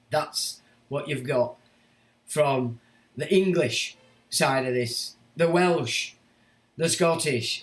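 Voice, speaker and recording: A man's voice: fairly high pitch, takes it slowly, long pauses. A middle-aged man hosting a livestream who rants about politics, reads out chat comments and swears as he taunts commenters. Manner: ranting political monologue. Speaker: livestream host. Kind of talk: casual livestream talk reading chat.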